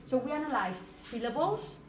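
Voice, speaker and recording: In a very noisy recording, a woman with a high, very animated voice speaks at normal speed. Originally from Spain, with Spanish as her native tongue and a Spanish accent, she teaches a phonetics lecture in a classroom, explaining things and frequently checking "okay?".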